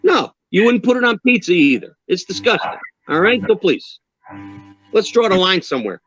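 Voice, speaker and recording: A man's voice: high voice, very animated, moderate pace, a bit bright, highs cut off, faint music behind. Emphatic joking New York man. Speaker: guest drummer. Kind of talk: casual interview chat. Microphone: video call.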